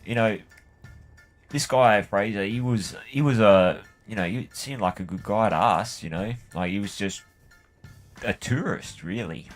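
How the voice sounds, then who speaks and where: Australian male gaming host, lowish voice, casual sweary rambling stories. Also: a little slow, faint music behind. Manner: rambling, sweary, full of "like" and "you know". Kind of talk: casual storytelling while playing a game.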